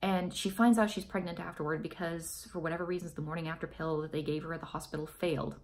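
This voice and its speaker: Earnest, emphatic woman with a lowish voice. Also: fairly even intonation, fast, a little mellow, slight background noise. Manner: earnest and emphatic, repeats key phrases. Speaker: vlogger. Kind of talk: personal opinion monologue to camera.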